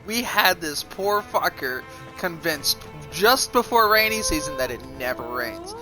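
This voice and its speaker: A man telling a story on a live stream, swearing often in a loose, animated way. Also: on the high side, measured pace. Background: music.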